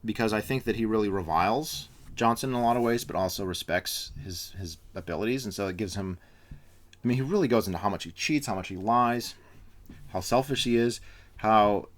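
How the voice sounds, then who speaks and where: A man's voice: on the low side, fairly quick. A man giving a casual spoken book review, rambling with frequent fillers and restarts.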